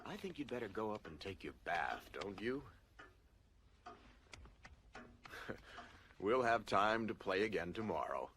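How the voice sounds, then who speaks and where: A man voicing a pompous gentleman in an animated film who dotes on a baby dragon and is quick to take offence. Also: lowish voice, noisy background. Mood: fond. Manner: fussy, indignant and fond by turns. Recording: film clip with music behind.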